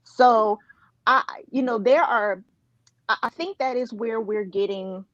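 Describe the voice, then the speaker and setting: Woman panelist, emphatic and earnest, mid-pitched, dry and slightly muffled sound. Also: measured pace, dry recording. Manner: earnest, emphatic, with frequent restarts. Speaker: panel guest. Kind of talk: panel discussion.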